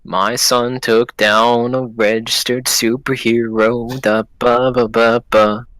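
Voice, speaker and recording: A man's voice: medium pitch, little pitch movement, slow pace, a bit bright, clean tone. An actor playing a retired superhero father, brash and teasing, speaking in his own everyday voice. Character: retired superhero dad, gruff and proud.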